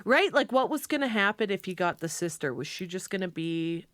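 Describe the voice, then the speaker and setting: A woman co-host recaps a book with animated, laugh-filled storytelling and casual swearing. Her voice sits at an ordinary middle pitch. The sound is close and dry, with no room in it. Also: brisk, dry recording. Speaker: podcast co-host.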